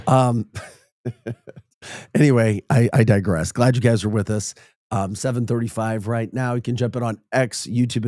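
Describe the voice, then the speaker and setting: A man's voice: lowish voice, a little mellow, dry recording, studio quality. A man hosting a casual morning radio show with a St. Louis accent, chatty and laughing at his own stories. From St. Louis area, Midwest.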